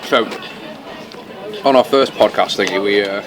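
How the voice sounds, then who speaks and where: A man co-hosting a casual podcast, chatty and swearing casually, recorded in a fast-food restaurant. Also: medium pitch, expressive. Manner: chatty, swears casually, talks while eating. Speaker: podcast co-host. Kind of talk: casual chat. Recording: noisy crowded restaurant. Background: busy restaurant crowd chatter.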